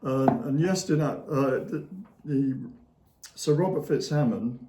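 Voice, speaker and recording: A man's voice: a little high, unhurried, dark tone. A male author talking as an interview guest, retelling history in a rambling, anecdotal way with many fillers and small chuckles. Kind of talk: casual storytelling conversation. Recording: echoey room.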